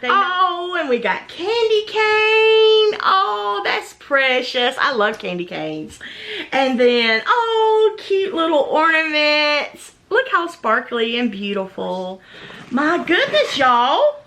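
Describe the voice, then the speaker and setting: Gushing high-voiced woman. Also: sing-song, slow pace, sharp tone. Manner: gushing, gasping with delight. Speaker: vlogger unboxing a gift box. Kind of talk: casual unboxing vlog.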